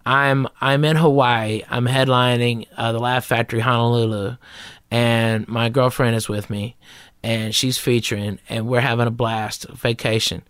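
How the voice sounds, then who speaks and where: A man's voice: medium pitch, little pitch movement, moderate pace, fairly bright tone, clear, resonant tone, no room sound. Southern man telling a profane story. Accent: Southern American. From Southern United States. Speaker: guest comedian. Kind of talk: storytelling in a podcast interview.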